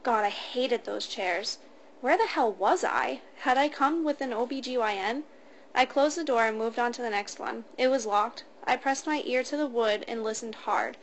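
A woman reads a first-person story aloud in a steady, matter-of-fact way. Her voice sits somewhat high, with a light hum of ambience behind it. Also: normal speed. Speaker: narrator.

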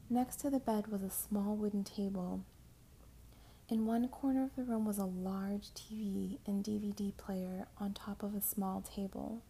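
A woman reading a first-person story aloud in a soft, mostly whispered narration. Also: mid-range voice, vocal fry, slight background noise.

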